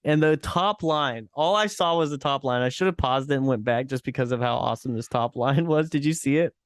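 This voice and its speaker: A man's voice: medium pitch, brisk, smooth, no echo, studio quality. A man co-hosting a comedy podcast, chuckling and swearing freely in casual chat. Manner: chuckling, swears freely, trips over restarts. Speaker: podcast co-host.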